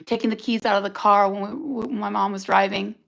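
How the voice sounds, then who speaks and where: A woman's gravelly, mid-range voice moves briskly with fairly even intonation, over poor audio. Hosting a livestream, she gives a raw, angry, emotional personal testimony, swearing and speaking in bursts.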